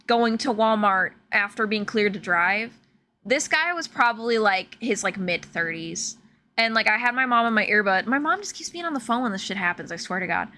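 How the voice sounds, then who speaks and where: A young woman from Illinois, a streamer telling stories in casual, animated chat full of fillers while she plays a game. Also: a little high. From Illinois, USA. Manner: animated, chatty, filler-heavy, laughs often. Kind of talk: casual storytelling while gaming.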